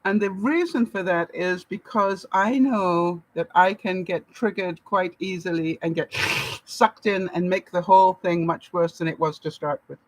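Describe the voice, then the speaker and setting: A woman's voice: on the low side, measured pace, no room sound, low-quality recording. A woman from Canada giving casual advice to her viewers, laughing often and acting out the lines she quotes. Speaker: vlogger. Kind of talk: casual advice talk to camera.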